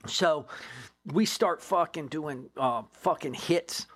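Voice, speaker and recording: In an interview, a man who used to be a drug agent tells a story from one of his cases. He's blunt, profane and animated, with a fairly high, husky voice and a slow pace.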